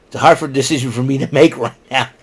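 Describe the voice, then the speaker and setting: A man's voice: medium pitch, steady tone, quick pace, slightly rough. A man hosting his own podcast, recapping a show in a casual, rambling, opinionated way, mocking the people he talks about. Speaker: podcast host.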